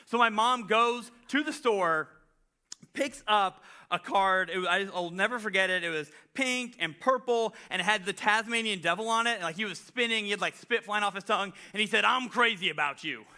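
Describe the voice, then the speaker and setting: A man's voice: high-pitched, moderate pace, sharp tone, smooth. A man giving a conversational sermon, telling a self-deprecating story full of "like" fillers. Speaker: pastor.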